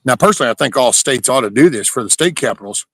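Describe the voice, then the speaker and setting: A man's voice: mid-range voice, expressive, fast, breathy edge, no room sound. A man from Southeast Texas, chatting casually and joking with viewers while reading their comments on a livestream. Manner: laid-back, folksy and profane, joking with chat. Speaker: livestream host.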